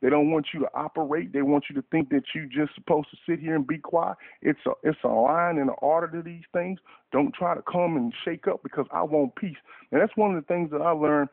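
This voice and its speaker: A man's voice: a little high, brisk, gravelly, no room sound. A man preaching a fervent radio sermon, repeating and restarting words in bursts, heard over a dry phone line.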